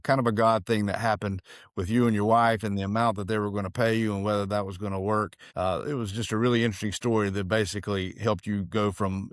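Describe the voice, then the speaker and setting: A man's voice: on the low side, little pitch movement, fast talker, dry recording, clean studio sound. A man hosting a podcast, friendly and asking the guest long questions. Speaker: podcast host. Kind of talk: interview questions.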